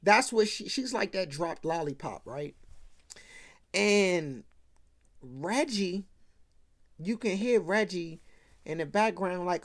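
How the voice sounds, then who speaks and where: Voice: mid-range voice, animated, takes it slowly, long pauses. Casual recap host, slangy, conversational, checks in with the audience a lot. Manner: slangy, keeps checking in with "right?". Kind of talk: casual rant retelling a film.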